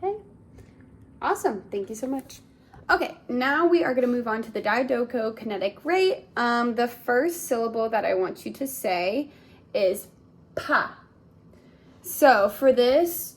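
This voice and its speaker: A woman's voice: on the high side, lively intonation, measured pace. A young woman giving a clinical exam, giving polite step-by-step instructions and often saying "awesome". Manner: polite, encouraging, repeats "awesome". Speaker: speech therapy student examiner.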